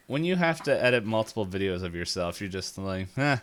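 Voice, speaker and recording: A man running a tabletop horror game as game master, chatting casually with his players and laughing often. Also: on the low side. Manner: laughs often, relaxed and joking. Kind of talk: casual chat and game narration.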